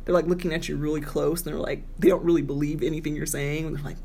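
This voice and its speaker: A woman in casual podcast chat, telling a dating story in an animated way and mimicking the voices of the people in it. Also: low voice, fast talker, hardly any pauses. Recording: clear background noise.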